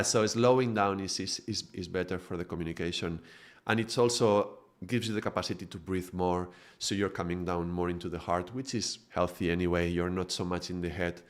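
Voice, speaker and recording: A native Spanish speaker from Spain, a middle-aged man with a strong accent, streams a casual talk as a spiritual teacher. Speaking in a low voice, he rushes animatedly through stories, laughing a lot and often restarting what he's saying.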